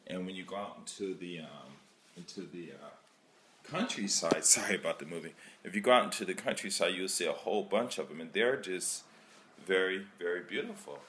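A man talking casually in a vlog, rambling and animated, acting out chats with people he meets on the street. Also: low voice, brisk, echoey room, far from the mic, noisy background. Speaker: vlogger.

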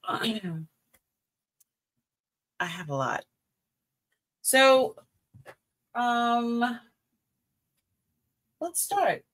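Slow-talking Boston woman, bright voice. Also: mid-range voice. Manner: chatty and scattered, trailing off and restarting, greeting viewers. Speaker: live jewelry sale host. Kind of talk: casual live-stream chat.

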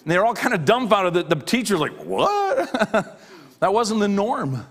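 A middle-aged man preaching a sermon, his voice sitting fairly high for a man. He hammers points home by repeating phrases. On the key lines he slows down and drops low. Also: animated. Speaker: pastor.

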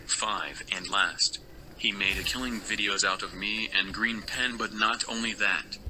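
A man's voice: lowish voice, steady tone, measured pace, sharp tone, a little hiss or hum, rough recording. A man giving a scolding, lecturing rant in a recorded video.

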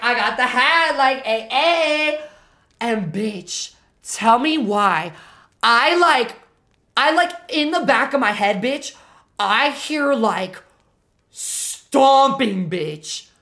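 A young woman streamer telling a story to her chat, animated and full of swearing and fillers. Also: a little high. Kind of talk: casual storytelling to a live chat.

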